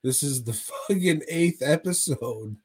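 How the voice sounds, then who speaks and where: A man's voice: a little high, animated, a little slow, darkish tone, breathy edge. A man co-hosting a casual podcast, rambling with heavy swearing and frequent laughs. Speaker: podcast co-host.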